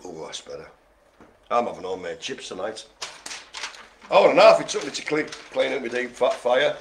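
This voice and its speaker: A man's voice: medium pitch, expressive, normal speed, a little hiss or hum. A man hosting a live bingo game, calling out numbers and rambling through jokey asides. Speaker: bingo host.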